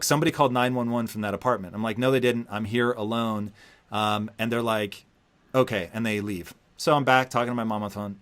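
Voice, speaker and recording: A man hosting a podcast interview, telling a story with lively acted-out quotes and plenty of swearing. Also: mid-range voice. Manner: animated storyteller, acts out quotes, heavy swearing. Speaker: podcast host. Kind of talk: casual interview conversation.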